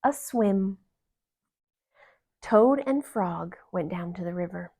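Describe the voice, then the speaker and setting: A woman reading a children's picture book aloud, gentle and steady. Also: on the low side. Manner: slow, gentle storytime reading. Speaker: storyteller. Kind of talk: children's read-aloud story.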